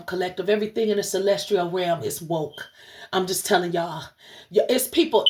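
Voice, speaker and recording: A woman running a livestreamed spiritual message as channel host, speaking fervently and preacherly, cursing often and talking straight to her audience. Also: medium pitch. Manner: addresses the audience directly and repeatedly.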